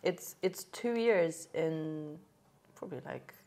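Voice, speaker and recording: A woman's voice: low-pitched, slow. A young woman with a London accent, co-hosting a podcast and telling a work story with lots of laughter. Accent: London English. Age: young adult. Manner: animated storytelling, laughs often, acts out quotes. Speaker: podcast co-host, aesthetic therapist. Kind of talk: casual chat, anecdote.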